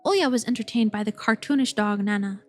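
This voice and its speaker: Woman, streamer, reading game text, playful, giggly, high-pitched. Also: fairly quick, soft background music. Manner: playful, giggly, swears when startled. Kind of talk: reading a game's text aloud.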